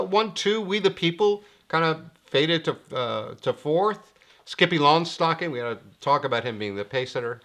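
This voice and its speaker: A middle-aged man teaching horse betting in a wry, lecturing way, his pitch swinging up when he gets excited. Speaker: handicapping teacher. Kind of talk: screen-share explainer monologue.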